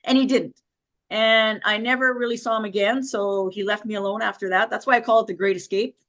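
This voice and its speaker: A woman's voice: medium pitch, fairly even intonation, brisk, a bit bright. A middle-aged woman, an interview guest, telling her life story with emotion and nervous laughter. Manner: emotional, vivid retelling with quoted voices and nervous laughs.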